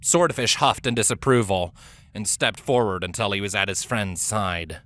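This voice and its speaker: Male audiobook narrator, low-pitched, bright-toned, steady fantasy storytelling. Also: moderate pace.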